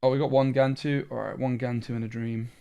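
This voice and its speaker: A man's voice: medium pitch, level tone, brisk, vocal fry, dark tone, clear, resonant tone. A young British man streaming a card game, thinking aloud in a chatty way, tired after a long session. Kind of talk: live-stream commentary while playing a card game.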